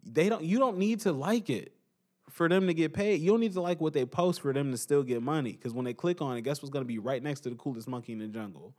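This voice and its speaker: A young man hosting a podcast, giving an animated casual opinion monologue and repeating his points for emphasis. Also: fairly high pitch, quick pace. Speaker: podcast host.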